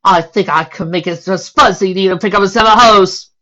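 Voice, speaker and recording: A woman's voice: mid-range voice, fairly quick, sharp tone, muffled recording, pitched above the performer's own voice, close to an everyday voice. A woman voicing a tough, blunt young woman who talks in a brash, cocky way.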